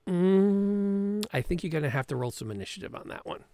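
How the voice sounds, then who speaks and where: A man narrating as game master of a tabletop role-playing game, relaxed and unhurried. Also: sits high, clean tone.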